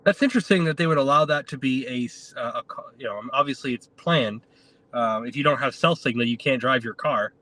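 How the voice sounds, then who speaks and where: A man co-hosting a casual talk show, joking in a dry, deadpan way. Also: mid-range voice, a little fast. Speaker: co-host. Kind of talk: casual chat.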